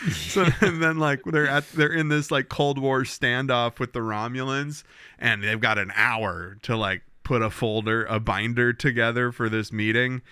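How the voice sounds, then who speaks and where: A man co-hosting a podcast, recapping a TV episode in casual chat, animated and swearing as he acts out characters' lines. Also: mid-range voice, moderate pace, smooth, dry recording, clean studio sound. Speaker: podcast co-host.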